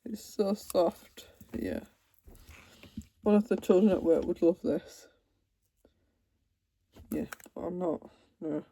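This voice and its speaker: A woman's lowish, mellow, husky voice comes slowly, with long pauses, as she unpacks a cross-stitch kit for a home vlog. Sitting in her computer chair, she chats casually and drifts into trailing asides.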